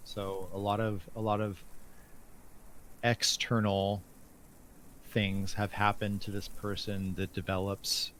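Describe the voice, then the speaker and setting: A man talking as an interview guest in casual conversation, halting, with many restarts and fillers. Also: on the low side, completely flat delivery, fairly bright tone, a little hiss or hum.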